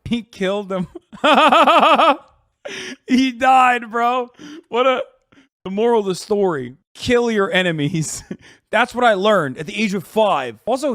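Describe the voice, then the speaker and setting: A man's voice: high-pitched, fairly bright tone, dry recording, studio quality. A man streaming a reaction video, mocking and laughing at what he watches and swearing freely. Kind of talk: casual reaction commentary.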